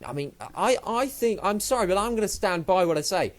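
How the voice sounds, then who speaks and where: A man's voice: high-pitched, lively intonation, fairly quick. A man casually reviewing a wrestling show on his own channel, rambling and swearing, and sounding like he just woke up. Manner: rambling, sweary, loses his train of thought. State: sleepy, just woken up. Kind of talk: casual solo review vlog.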